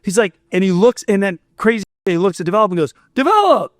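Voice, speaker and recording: A man's voice: sits high, steady tone, fast talker, no room sound, clean studio sound. A young man from Florida, a musician guest on a podcast, telling a long rambling story with restarts and quoted dialogue. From Fort Myers, Florida. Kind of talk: storytelling in a casual podcast interview.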